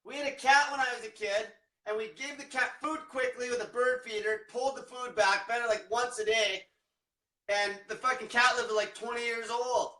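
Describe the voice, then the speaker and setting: A man's voice: very high-pitched, steady tone, moderate pace, pushed and bright, distant mic. A man coaching viewers in a blunt, combative rant full of swearing. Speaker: diet coach. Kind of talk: profane motivational rant. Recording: echoey room, off-mic.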